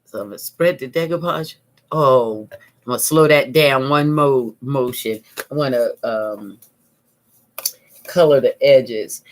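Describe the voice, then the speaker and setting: A woman giving a casual crafting tutorial, chatty and calm, thinking aloud while she works. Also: extremely low pitch, unhurried. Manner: calm, soothing. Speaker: craft vlogger.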